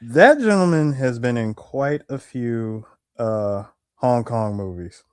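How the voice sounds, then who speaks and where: A man of middle pitch co-hosting a podcast, listing facts in a knowledgeable way, dotted with filler words. The recording is dry and close. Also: lively intonation, takes it slowly, darkish tone, clean tone, dry recording. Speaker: podcast co-host. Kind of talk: casual chat.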